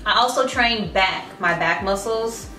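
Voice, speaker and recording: A woman's voice: medium pitch, unhurried, bright, forceful tone, recorded from a distance. A woman giving a casual fitness vlog to camera, chatty and often restarting her sentences. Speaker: fitness vlogger. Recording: roomy sound from off-mic with light music.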